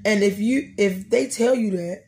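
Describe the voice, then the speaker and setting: A woman's voice: medium pitch, unhurried, warm tone, a little hiss or hum. A middle-aged woman, hosting a podcast and praying and talking about faith in a preacherly, repetitive cadence. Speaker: podcast host. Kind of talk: prayer and faith talk.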